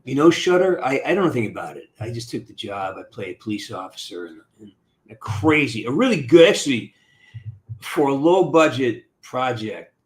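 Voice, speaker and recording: A man hosting a casual live stream, greeting viewers by name and chatting in an upbeat, rambling way. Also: on the low side.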